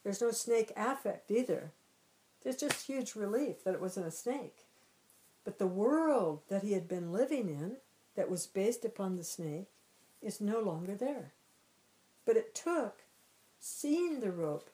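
A woman giving a spiritual teaching talk in a relaxed, conversational way, often repeating herself and saying "you know". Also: mid-range voice, unhurried, rough recording.

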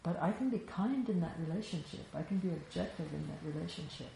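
Low, gravelly woman giving a spiritual talk. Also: animated, quick pace. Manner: reflective, conversational, frequent "you know". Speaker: spiritual teacher. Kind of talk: Vedanta teaching talk. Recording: echoey room with faint ambient noise.

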